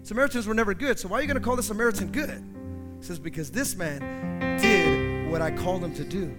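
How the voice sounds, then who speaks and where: A man's voice: high-pitched, fast. A pastor preaching a fiery sermon in a church, acting out the voices of the people he quotes. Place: church sanctuary. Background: piano playing.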